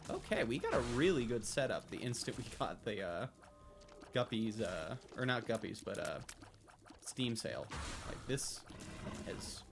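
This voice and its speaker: A young man streaming a video game live, thinking out loud, getting excited and swearing freely as he plays. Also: mid-range voice, normal speed. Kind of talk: live gameplay commentary. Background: game music.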